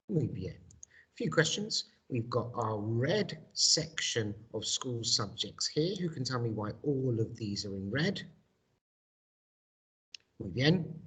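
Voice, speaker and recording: A male teacher giving a recorded video lesson. He speaks slowly and deliberately, modelling each word for pupils to repeat and stressing every sound. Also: mid-range voice, fairly bright tone, husky.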